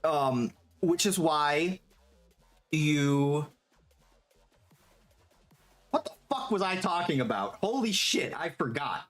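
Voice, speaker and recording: A live streamer chatting casually while working, reading chat aloud, swearing freely and quick to get excited and laugh. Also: medium pitch. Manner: gets excitable and laughs easily. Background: faint background music.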